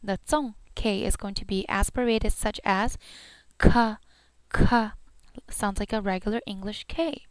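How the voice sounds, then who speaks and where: A woman's voice: medium pitch, normal speed, hardly any pauses, clean tone, no room sound. A woman teaching pronunciation on a podcast, repeating each sound aloud as she demonstrates it. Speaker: language teacher.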